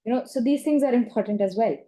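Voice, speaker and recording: A woman's voice: fairly high pitch, quick pace, warm tone. A woman lecturing in an online training session, talking conversationally and often checking in with "right?" or "okay?".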